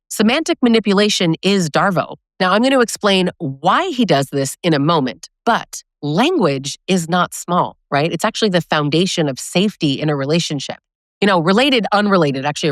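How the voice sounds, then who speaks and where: A woman's voice: sits low, no room sound, studio quality. A woman educator talking straight to her viewers, emphatic and coaching, often tagging her points with "right?". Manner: emphatic, keeps adding "right?"; direct, coaching tone. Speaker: abusive relationship educator. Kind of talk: direct-to-camera talk.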